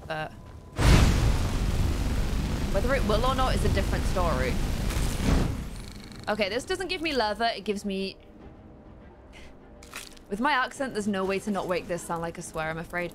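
A woman's voice: mid-range voice, animated, measured pace, pauses often, a bit bright, soft background music. A young woman giving chatty, playful let's-play commentary into a desk mic, with giggly exclamations. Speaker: gaming streamer.

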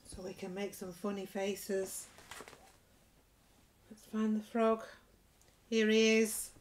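A woman leading a nursery rhyme session for little children, gentle and encouraging with a sing-song way of talking. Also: mid-range voice, flat delivery, takes it slowly, long pauses. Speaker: toddler group leader.

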